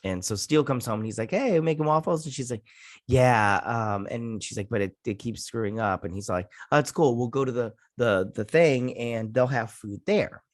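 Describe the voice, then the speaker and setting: A man's voice: fairly low pitch, moderate pace, hardly any pauses, no echo, clean studio sound. A man hosting a review show, giving a loose, rambling recap of an episode with many fillers and casual swearing.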